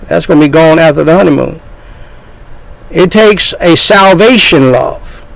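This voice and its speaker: A man preaching a sermon in a combative, lecturing way, dropping now and then into low, threatening asides. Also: unhurried, creaky, poor audio.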